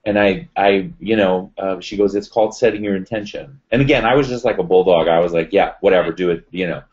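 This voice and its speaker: A man telling a personal story as an interview guest, animated and acting out the voices of others. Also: deep voice, brisk. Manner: animated retelling, acts out quoted voices. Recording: dull lo-fi sound.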